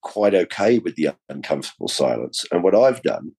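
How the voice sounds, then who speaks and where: A man's voice: sits low, sing-song, moderate pace, gravelly, a little mellow, breathy edge. A middle-aged man, a comedian guesting on a podcast, talking bluntly and jokily, swearing and calling people mate. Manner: blunt and jokey, swears, calls people mate, acts out little scenes. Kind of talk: casual conversation.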